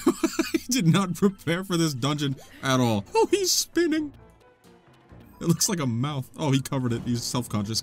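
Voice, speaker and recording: Young guy doing lets play commentary, super lively bouncy voice, jokey, bit of game music behind. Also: medium pitch. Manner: animated, joking, talks to game companion. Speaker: gaming channel host.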